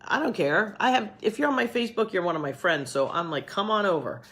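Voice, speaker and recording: A woman's voice: medium pitch, very animated, quick pace, fairly bright tone. A middle-aged woman who teaches cooking, talking to camera at home in a chatty, rambling, upbeat way. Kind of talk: casual talk to camera.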